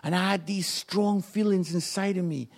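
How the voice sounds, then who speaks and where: A man preaching a sermon, impassioned, swinging between hushed lines and loud ones. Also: high voice, steady tone, normal speed, vocal fry.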